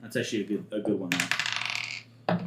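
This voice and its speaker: A man's voice: fairly low pitch, fairly even intonation, brisk, reverberant, background noise. Rambling man running a tabletop game. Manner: rambling, with many fillers and restarts. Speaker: game master.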